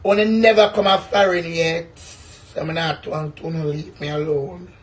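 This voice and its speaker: A man's voice: on the high side, steady tone, measured pace, a little hiss or hum. A man from Jamaica with a Jamaican accent, ranting casually to his viewers in a brash, boastful way, swearing often. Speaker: vlogger. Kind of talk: casual rant to camera.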